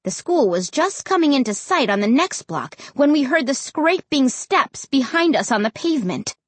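A woman narrating a first-person story as an audiobook reader, with expressive storytelling. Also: high-pitched, moderate pace, dry recording.

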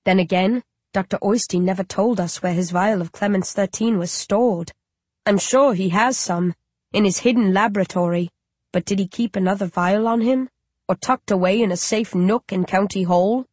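A woman narrating an audiobook in first person, in a measured, reflective storytelling manner, close to the mic. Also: mid-range voice, a little mellow, no echo.

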